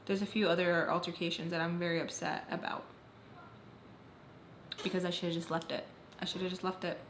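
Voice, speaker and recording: A woman's voice: fairly low pitch, level tone, normal speed. Candid woman telling a storytime, roomy echo. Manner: emphatic, candid storytelling with blunt swearing. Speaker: vlogger. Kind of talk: storytime vlog. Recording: roomy echo, faint background noise.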